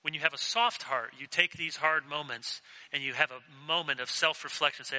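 Bright-voiced preacher in a reverberant hall. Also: male voice, a little high, normal speed. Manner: earnest, emphatic, asks the congregation direct questions. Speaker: pastor. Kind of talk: sermon.

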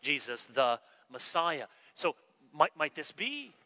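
A man's voice: on the high side, takes it slowly, rough recording. A man, preaching an expository sermon and acting out the voices he quotes. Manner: animated, acts out quoted voices. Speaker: pastor.

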